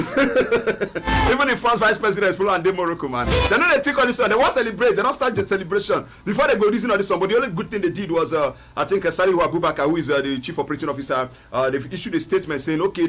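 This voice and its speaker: A Nigerian man hosting a live sports show, animated and jokey, reading viewer messages and mixing in pidgin. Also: on the high side, husky. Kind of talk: lively live sports talk.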